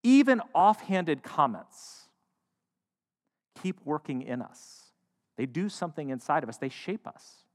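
A man preaching a sermon, shifting between loud emphatic lines and hushed, quiet ones. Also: a little high, big pitch swings, measured pace. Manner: dynamic, swings from loud to hushed. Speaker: pastor. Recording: long hall reverb.

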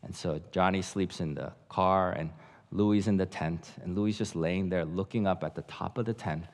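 A man as guest pastor telling a story in a sermon, animated and acting out voices, then dropping to a hush. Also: deep voice, moderate pace. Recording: long reverb of a large hall.

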